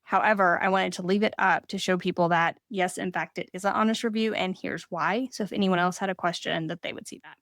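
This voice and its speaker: A woman's voice: lowish voice, steady tone, a little fast, hardly any pauses, fairly bright tone, no echo, clean studio sound. A woman with a Southern US accent, co-hosting a podcast and giving casual, earnest advice. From Southern United States. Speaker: podcast co-host.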